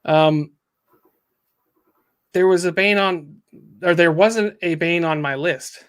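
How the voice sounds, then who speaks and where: A man's voice: a little high, slow pace, fairly bright tone, clean tone. A man hosting a casual review chat, recapping a story with frequent ums and acting out the quotes. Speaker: comic book reviewer.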